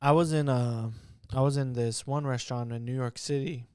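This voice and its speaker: A man's voice: mid-range voice, fairly even intonation, normal speed, dark tone, clear, resonant tone. A young man co-hosting a podcast, telling a crude story in casual chat and giggling as he goes. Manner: giggles through his own story. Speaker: podcast co-host.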